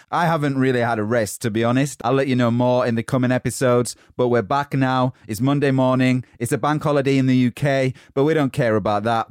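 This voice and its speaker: A man hosting a motivational podcast, giving an upbeat, energetic pep talk while slightly out of breath. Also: medium pitch, clean tone, dry recording, studio quality. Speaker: podcast host.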